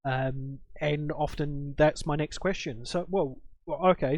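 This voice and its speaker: A man's voice: a little high, measured pace, a little mellow, no room sound. A man with an English accent, a guest in a casual panel discussion, telling stories with hesitant starts. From England.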